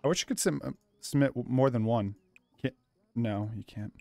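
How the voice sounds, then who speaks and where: A man's voice: mid-range voice, normal speed, creaky, dark tone, dry recording. A young man casually commentating a life-sim game for his channel, joking around and calling himself a little loopy. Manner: goofy, self-described loopy, jokey asides to the viewers. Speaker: gaming YouTuber. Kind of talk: let's play commentary.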